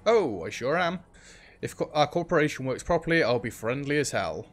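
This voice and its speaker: A man's voice: medium pitch, lively intonation, fairly quick, faint music behind, natural voice. A man voicing a mine keeper from a game, reading the lines aloud in a bargaining tone. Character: gruff male mine keeper guarding an entrance.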